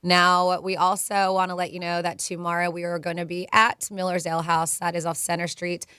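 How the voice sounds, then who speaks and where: A woman's voice: on the low side, completely flat delivery, brisk, pushed and bright, clear, resonant tone, dry recording, clean studio sound. A woman co-hosting a radio show, chatting about news and running a call-in contest in an upbeat manner, laughing easily. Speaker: radio co-host. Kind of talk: morning radio chat and contest promo. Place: radio studio. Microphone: studio mic.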